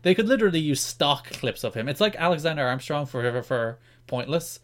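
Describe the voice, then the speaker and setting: A man's voice: a little high, fairly quick. A man co-hosting a casual pop-culture chat, joking around and laughing often. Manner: animated and jokey, laughs often. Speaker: podcast co-host.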